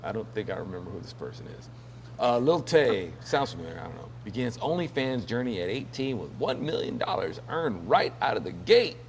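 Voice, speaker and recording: A man's voice: on the low side, big pitch swings, brisk, slight background noise. A man hosting a casual news commentary show, rambling and joking with lots of fillers and laughs. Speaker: host.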